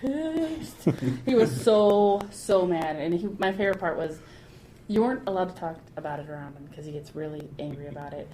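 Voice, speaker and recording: A woman telling lively rambling anecdotes in a casual podcast interview, laughing often. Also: low voice, fairly quick, poor audio. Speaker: guest artist. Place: anime convention. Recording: convention crowd noise behind.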